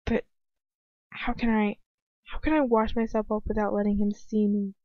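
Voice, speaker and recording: An upset young woman, as a woman reads her pushes back in protest, hurt and defiant. The recording is dry and a little dull. The voice sits at mid pitch. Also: flat delivery, moderate pace, dry recording, natural voice. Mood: distressed.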